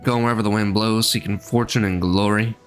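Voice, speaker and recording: A gabby merchant aboard a ship, talking in a rough, homely brogue, put on by a man reading game lines aloud. The voice sits low, and soft music runs underneath. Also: fairly even intonation, a little fast, lightly acted. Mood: chatty. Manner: homely, colloquial, slightly clumsy put-on accent. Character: chatty male sailor-merchant with a rough folksy brogue.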